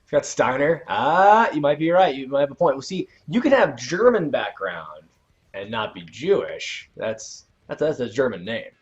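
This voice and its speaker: A man hosting a casual livestream, chatting while he plays a video game. He rambles and corrects himself, and breaks into sudden loud outbursts at the game. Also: medium pitch, sing-song, moderate pace, highs cut off. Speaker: channel host.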